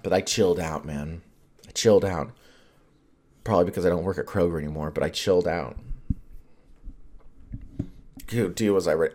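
A man with a very low, deep voice talks alone into a podcast mic, loose and unscripted. He rambles from thought to thought, leaning on "like", swearing freely and breaking into laughs. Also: warm tone. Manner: rambling, heavy on fillers, swears, laughs often. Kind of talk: casual solo podcast chat.

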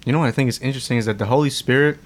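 A man's voice: mid-range voice, racing. Man reacting casually in podcast chat. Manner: reactive, joking interjections. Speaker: podcast host.

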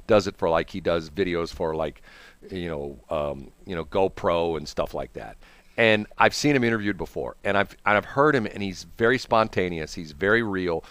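Lively St. radio host, man. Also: low voice, moderate pace, clean tone, no room sound. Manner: rambling, acts out quotes in put-on voices. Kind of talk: casual on-air banter. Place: radio studio.

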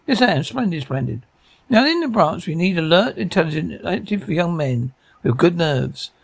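An actor playing a brisk, absent-minded male spy chief in a TV sketch comedy. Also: fairly high pitch, big pitch swings, creaky, heavily acted.

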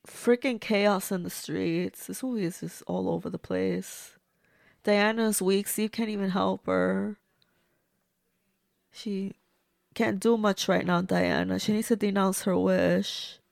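Slow, gravelly woman reviewing a movie. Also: mid-range voice, fairly even intonation, dry recording, studio quality. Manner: chatty, blunt and reactive, swears freely. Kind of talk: casual watch-along commentary.

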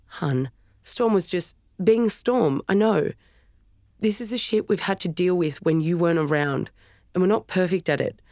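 A narrator voicing a worried father who tries to calm his family in an audiobook. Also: medium pitch, moderate pace, dry recording, studio quality, pitched above the performer's own voice, lightly acted. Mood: gentle. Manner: urgent then gentle, affectionate. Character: worried father, calling out and soothing.

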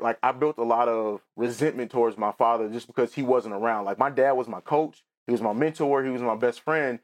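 A man in his thirties telling a painful family story on his own podcast. He speaks at a middle pitch, candid and rambling, often circling back and restarting, and his voice is close to tears. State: tearful. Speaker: podcast host. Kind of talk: personal storytelling.

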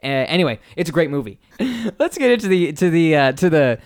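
A man's voice: on the high side, very animated, a little fast. A man co-hosting a podcast in casual, rambling chat full of fillers and restarts. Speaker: podcast co-host.

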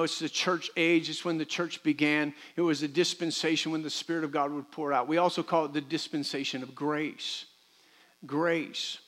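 A middle-aged man preaching a sermon as pastor in a church. He moves between quiet, close talk and loud, impassioned preaching, acting out the voices of people and of God. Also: a little high. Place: church sanctuary.

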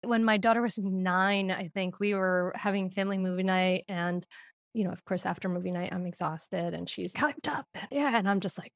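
A woman's voice: mid-range voice, moderate pace, no echo, studio quality. A woman talking about parenting as a podcast guest. She tells stories with animation and laughs often. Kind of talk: podcast conversation.

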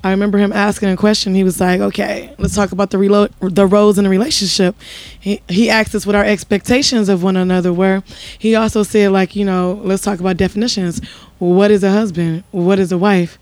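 A woman sits in as a guest on a conversational show, telling personal stories and slipping into quoted voices as she goes. Her voice sits at an everyday pitch, and the recording is dry and close, with no room around it. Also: fairly quick, dry recording. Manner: animated storyteller, acts out quotes. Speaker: podcast guest, married singer. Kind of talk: casual conversation.

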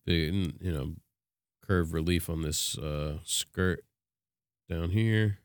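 Very deep, smooth-voiced man in relaxed chat. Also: slow, dry recording, clean studio sound. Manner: relaxed, trailing phrases, short affirmations. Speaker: podcast co-host. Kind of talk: casual chat.

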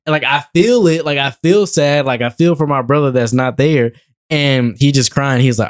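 A man's voice: medium pitch, normal speed, clear, resonant tone. A young man, a guest actor in a casual podcast interview, telling stories animatedly and laughing often.

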